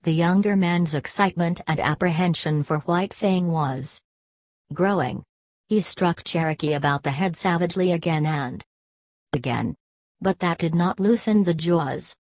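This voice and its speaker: Woman narrator, low-pitched, dry recording, measured storybook reading. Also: darkish tone, dry recording. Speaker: audiobook narrator. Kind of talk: scripted narration.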